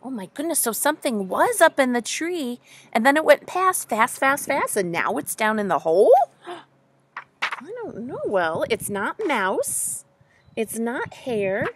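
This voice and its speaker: A woman teacher reading a picture book aloud to young children, animated and full of questions, addressing them directly. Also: on the high side, measured pace, slight background noise. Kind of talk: children's story time read-aloud.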